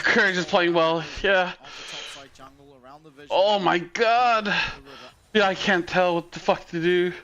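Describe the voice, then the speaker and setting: A man streaming a watch party, reacting to a live esports match with loud swearing, constant "dude," and yelling at big plays. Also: high-pitched.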